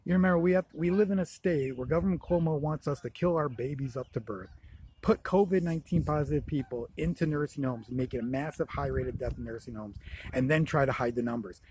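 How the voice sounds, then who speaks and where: A man's voice: mid-range voice, fast talker, darkish tone, a little hiss or hum, poor audio. A man delivering an indignant, emphatic ranting monologue to his camera, repeating himself for emphasis. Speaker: vlogger.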